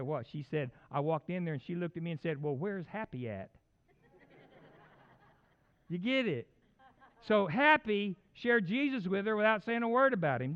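Animated high-voiced male preacher. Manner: animated, conversational, folksy asides. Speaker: pastor. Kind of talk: sermon. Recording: dull lo-fi sound.

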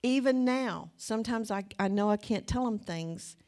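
A woman in her sixties delivering a relaxed, conversational sermon. She talks in a chatty way and keeps turning to her listeners with questions. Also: medium pitch, moderate pace. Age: 60s. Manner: chatty, asks the audience questions. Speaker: preacher.

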